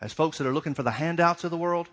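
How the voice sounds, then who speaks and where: A man's voice: on the high side, rapid-fire, fairly bright tone. A middle-aged man preaching a sermon, asking repeated questions and acting out little dialogues. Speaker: pastor.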